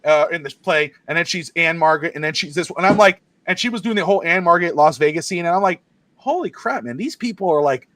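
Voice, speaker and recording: An excitable podcast co-host with a higher voice talks fast in casual sports chat, telling stories full of quick asides and laughs.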